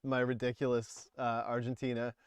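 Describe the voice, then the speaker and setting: A man's voice: medium pitch, completely flat delivery, normal speed, clean tone, dry recording. A man in his forties hosting a casual livestream, rambling and laughing as he talks about music. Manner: rambling, chatty, laughs often. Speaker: livestream host.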